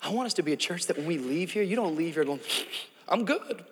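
High-voiced preacher in a big echoey hall. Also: male voice, animated, very fast, a little hiss or hum. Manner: dramatic, builds to shouting. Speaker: pastor. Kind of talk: sermon. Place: large church hall.

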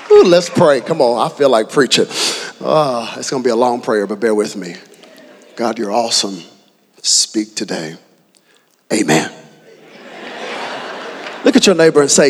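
A man in his thirties preaching a sermon as pastor, telling stories with humor and rising to shouts. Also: mid-range voice, animated, unhurried, long pauses, slight background noise. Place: large church hall. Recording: long hall reverb.

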